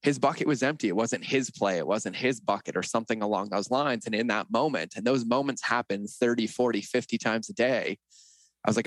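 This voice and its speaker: A man's voice: medium pitch, brisk, no room sound. A middle-aged man as a podcast guest, telling personal stories in an earnest, reflective way. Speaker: interview guest. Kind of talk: conversational interview.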